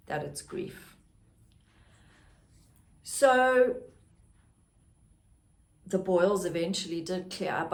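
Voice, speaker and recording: A middle-aged woman, a podcast host candidly telling her personal story in a reflective way. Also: on the low side. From South Africa. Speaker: podcast host, grief guide.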